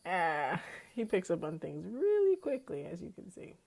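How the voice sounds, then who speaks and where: A woman's voice: fairly low pitch, huge pitch swings, normal speed, vocal fry, darkish tone. Chatty woman podcaster. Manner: chatty, easygoing, laughs often. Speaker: podcast host. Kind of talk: casual chat.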